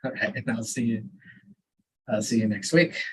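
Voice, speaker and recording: A performer at an online open mic reads a serialized story and then chats casually. The voice is husky and the delivery dry and wry. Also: mid-range voice, moderate pace, fairly bright tone, poor audio. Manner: laid-back, wry.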